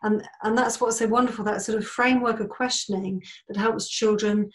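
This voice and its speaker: A woman's voice: mid-range voice, fairly even intonation, brisk. A British woman with a mid-range voice interviews a guest. She affirms what she hears and encourages her guest to say more. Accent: British English. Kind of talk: interview questions.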